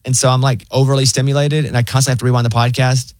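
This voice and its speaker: A young adult man co-hosting a casual chat show, telling stories in an animated way and acting out voices. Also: medium pitch, racing, dry recording. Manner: animated storyteller, acts out a chill robot voice. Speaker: co-host.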